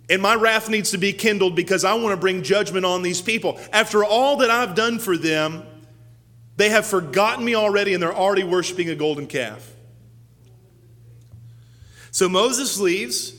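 A man giving a sermon as a pastor, his voice climbing to high, loud peaks and then dropping low and quiet, acting out the quoted speech of the story's characters. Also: big-room sound.

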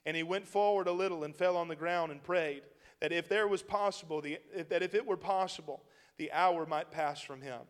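Folksy preacher in a reverberant hall. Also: male voice, a little high, normal speed, few pauses, smooth. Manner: folksy, preachy, emphatic with chuckles. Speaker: pastor. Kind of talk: sermon.

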